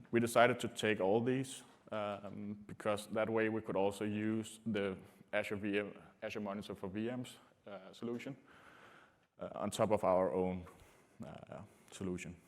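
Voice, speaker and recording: Halting low-voiced male tech presenter. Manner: halting, frequent uh and um fillers. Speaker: conference presenter. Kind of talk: technical conference talk. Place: conference session room.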